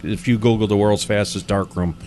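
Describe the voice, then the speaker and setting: A man's voice: fairly low pitch, fairly even intonation, a little fast, a little mellow, a little hiss or hum. A man, a wet plate photographer, telling stories in a casual interview with many restarts and fillers.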